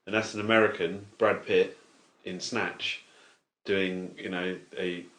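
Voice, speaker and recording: A man's voice: sits low, little pitch movement, unhurried, fairly bright tone. A man co-hosting a casual film podcast, hesitant and brief. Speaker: podcast co-host. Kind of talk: casual film review chat. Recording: roomy echo.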